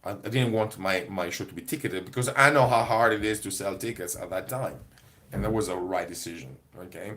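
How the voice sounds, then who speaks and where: A comedy performer chatting casually to camera in a rambling, digressive way, often breaking into laughter. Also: male voice, low voice, brisk, pushed and bright. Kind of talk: casual vlog monologue.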